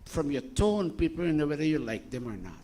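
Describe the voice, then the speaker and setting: An older man delivers a loose, chatty sermon to his congregation. His voice sits a little high, and he swings between teasing questions and sharp, scolding bursts. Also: a little fast. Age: 60s. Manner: animated, scolding, jokey asides, rhetorical questions. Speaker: spiritual teacher.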